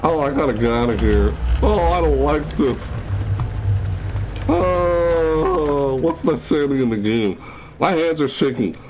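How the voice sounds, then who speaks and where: A man's voice: moderate pace, soft background music, poor audio. A young man narrating a horror game as he plays, scared and jittery, talking to himself and yelping at sudden noises. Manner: jumps into high yelps when startled. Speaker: gaming YouTuber. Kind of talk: horror game let's play commentary. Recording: steady background noise.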